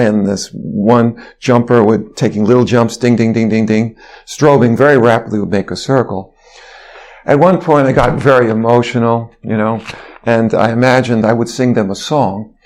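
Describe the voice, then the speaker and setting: A man's voice: medium pitch, a little mellow. Man telling a story in an interview. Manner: rambling anecdotal storytelling with fillers. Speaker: guest, physician.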